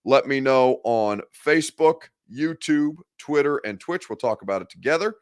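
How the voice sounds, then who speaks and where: A man's voice: mid-range voice, lively intonation, moderate pace, smooth. Blunt, opinionated man hosting sports talk. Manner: blunt and opinionated, speaking straight to viewers. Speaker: sports podcast host. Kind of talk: live-streamed sports talk commentary.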